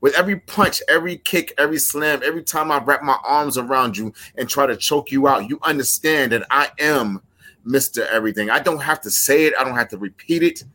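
A man cuts a wrestling promo with a bright, forceful voice. He builds his threats in steady, rhythmic repetition. Each line lands with deliberate intensity. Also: mid-range voice. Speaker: pro wrestler.

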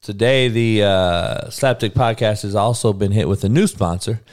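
A man's voice: fairly low pitch, moderate pace. A young man hosting a live sports podcast, talking bluntly and rambling, with lots of swearing. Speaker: podcast host.

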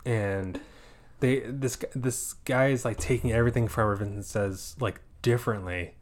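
A man co-hosting a casual movie review podcast, retelling scenes in an animated way and acting out quotes. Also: medium pitch, normal speed. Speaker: podcast co-host.

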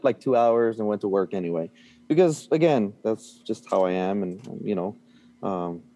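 A man with a warm, mellow voice talks through a story from his working life. He is animated and blunt, with casual swearing and plenty of fillers. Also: fairly low pitch. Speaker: guest.

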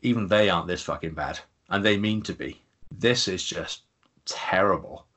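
A low-voiced man in casual podcast chat who picks apart a bad film. He sounds exasperated and rambles, often restarting his sentences. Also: normal speed, fairly bright tone. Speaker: podcast co-host.

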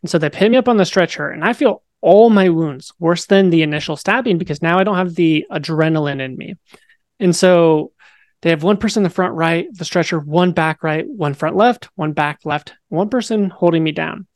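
A young man tells his own story in a relaxed, chatty way, leaning on filler words and getting animated as he goes. There is a mild flavor to his speech. The voice sits close and dry, with no room sound around it. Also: fairly high pitch, normal speed, no room sound. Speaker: guest. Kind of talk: personal story in a podcast interview.

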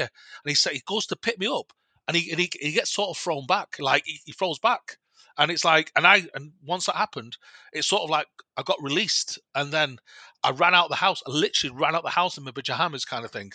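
A man's voice: fairly high pitch, quick pace, no echo. A man, a podcast guest, telling a personal story in a rambling way with many restarts and quoted dialogue. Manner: animated retelling with quoted dialogue. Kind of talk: casual storytelling.

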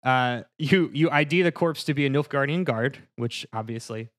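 A man narrating a tabletop game as game master, casual and halting, with lots of fillers. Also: medium pitch, fairly bright tone.

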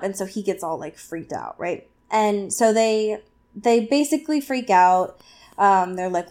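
A woman co-hosting a casual podcast, recapping a novel chapter with lots of fillers and quick asides. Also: mid-range voice, animated, a little mellow. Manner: chatty, filler-heavy, acts out characters in quick asides. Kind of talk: casual chat.

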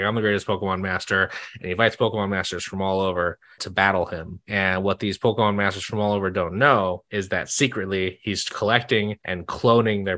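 A young man chatting casually as a podcast guest, animated and laughing often with quick asides. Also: lowish voice.

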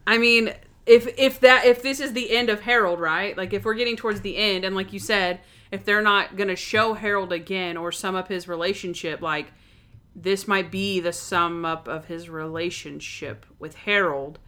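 A young woman co-hosting a casual chat, talking fast and loose with lots of "like" as she recaps a TV episode. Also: medium pitch, steady tone, a bit bright. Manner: chatty, lots of "like", acts out quotes. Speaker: podcast co-host.

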